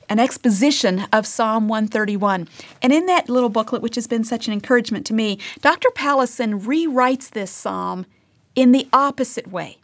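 A woman giving a devotional Bible teaching, earnest, reading passages aloud and dropping to a hush for emphasis. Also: fairly high pitch.

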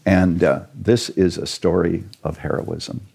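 Low, gravelly male guest lecturer, earnest storyteller. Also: a little slow. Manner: animated, earnest storyteller with jokes. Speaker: church historian guest.

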